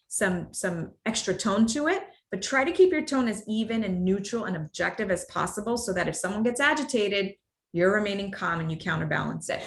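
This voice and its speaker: A woman's voice: mid-range voice, a bit bright. A woman with children, presenting a workplace workshop on difficult conversations in a conversational way. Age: adult, parent of children. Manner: conversational, demonstrates tones with exaggerated acted examples.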